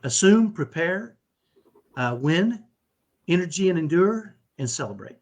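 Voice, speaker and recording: A middle-aged man, a podcast guest, telling a story in animated conversation and tagging sentences with "right?". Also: high voice, measured pace. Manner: animated, repeats "right?" often. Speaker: podcast guest, autism dad.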